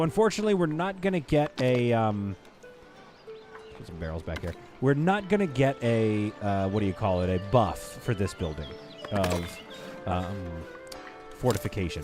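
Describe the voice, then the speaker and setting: A man streaming a city-building game, thinking out loud in a rambling, self-deprecating, casual way. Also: fairly low pitch. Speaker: gaming streamer. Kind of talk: casual live game commentary.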